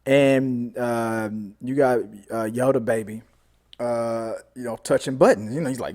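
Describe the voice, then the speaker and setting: A man hosting a casual TV episode recap, talking in an animated way, repeating himself and acting out scenes. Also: medium pitch, unhurried. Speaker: show host, TV reviewer.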